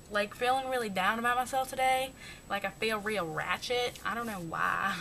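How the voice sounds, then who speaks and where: A young woman chatting casually through her makeup routine, rambling and joking at herself. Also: pushed and bright. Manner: chatty, rambling, self-mocking. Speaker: beauty vlogger. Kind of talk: casual makeup tutorial chat. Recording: noisy home recording with rumble.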